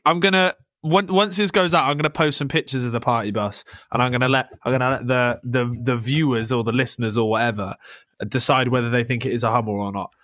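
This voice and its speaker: A young man, co-hosting a casual football podcast, animated and swearing freely. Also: mid-range voice, fast talker, dry recording, studio quality. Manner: animated, swears, laughs often. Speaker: podcast co-host.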